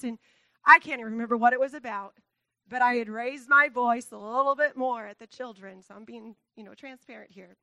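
Woman, church talk, high bright voice, dry close sound, earnest, laughs often. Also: fairly quick, no echo. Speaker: church speaker.

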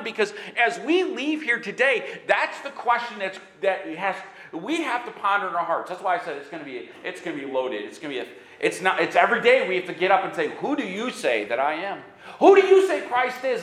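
Man, pastor, sermon, animated delivery, crisp bright tone. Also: high-pitched, echoey room. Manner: animated preaching with bursts of shouting; acts out dialogue in quick asides.

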